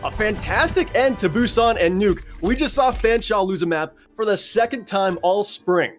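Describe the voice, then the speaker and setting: A man's voice: high voice, animated, normal speed, soft background music. A young man giving analytical esports commentary, breaking down team fights and asking his co-caster questions.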